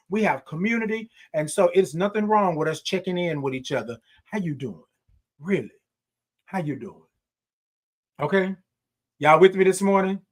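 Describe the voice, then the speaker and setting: A man hosting a morning livestream show, chatting casually with viewers, reading their comments and calling back to them with a lot of repetition and laughter. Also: high voice. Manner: upbeat, repetitive, call-and-response, frequent laughs.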